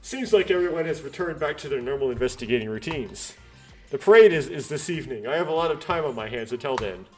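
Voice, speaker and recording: A man's voice: a little high, animated, quick pace, soft background music. A man reading a visual novel aloud, doing every character's lines in his own voice, with stumbles and self-corrections.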